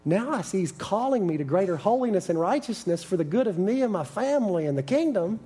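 A middle-aged man delivers a sermon in an earnest, storytelling manner. His voice is husky and mellow, and he brings stories to life with animated dialogue. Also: high-pitched, fast, faint music behind. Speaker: preacher teaching on repentance.

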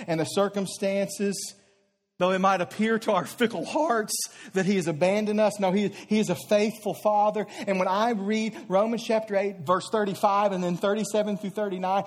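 A man, a pastor, preaching a sermon with impassioned delivery that moves from hushed, low tones to loud, raised passages built on repeated phrases. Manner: repeats phrases in building rhetorical runs.

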